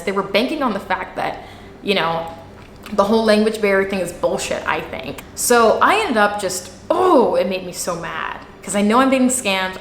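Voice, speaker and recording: A woman vlogger telling a story in a sarcastic, animated way, acting out the people in it. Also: mid-range voice, roomy sound, a little hiss or hum. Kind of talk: casual storytelling vlog.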